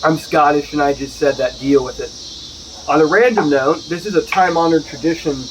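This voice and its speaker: A man's voice: a little high, a little fast, slight background noise, poor audio. A man giving a casual, jokey whiskey review outdoors at home, full of chatty asides. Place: outdoors at home, with neighbors nearby.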